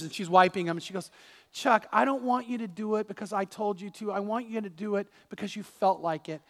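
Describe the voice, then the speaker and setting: A man's voice: sits high, fairly bright tone, in a large hall. A man preaching a sermon as pastor, telling a personal story with restarts and repeated words.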